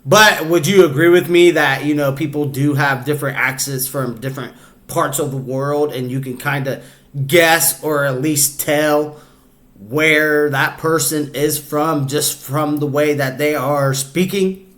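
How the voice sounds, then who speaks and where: A man's voice: on the high side, fairly even intonation, measured pace, fairly bright tone. A man hosting a casual podcast, talking loosely and rambling, with lots of fillers. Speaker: podcast host. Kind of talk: casual chat.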